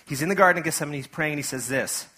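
A man's voice: a little high, racing, pushed and bright, breathy edge. A man preaching a sermon to his church in a casual, conversational way, full of asides and acted-out quotes. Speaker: pastor.

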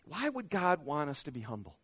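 A man preaching a sermon, asking the congregation questions and swinging between loud, pressing exhortation and hushed, intimate asides. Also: on the high side, sing-song, fairly quick, breathy edge. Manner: speaks directly to the congregation with questions. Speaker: pastor.

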